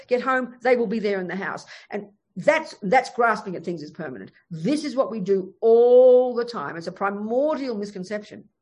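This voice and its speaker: Animated woman teaching Buddhism. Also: a little high, breathy edge. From Australia. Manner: animated, emphatic, frank storytelling. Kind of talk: Buddhist dharma talk.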